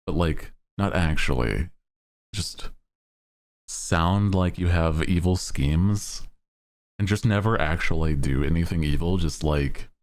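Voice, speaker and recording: A man's voice: rumbling low, gravelly. A man chatting casually while livestreaming a game, rambling playfully and laughing often. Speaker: game streamer.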